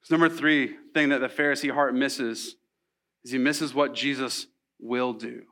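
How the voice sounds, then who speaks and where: A man preaching a sermon in a church, animated and conversational, with casual asides to the congregation. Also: mid-range voice, normal speed. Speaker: pastor.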